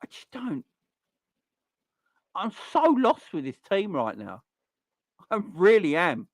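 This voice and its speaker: A man's voice: high voice, wildly swooping pitch, slow, no echo. A man hosting a football fan channel, ranting in frustration and firing off repeated rhetorical questions. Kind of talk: fan reaction rant.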